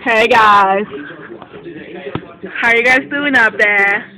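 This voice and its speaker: A man's voice: extremely high pitch, slow, long pauses, pushed and bright, low-quality recording. A nervous man vlogging from inside a car lift, swearing and switching between English and Spanish. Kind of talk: casual vlog narration.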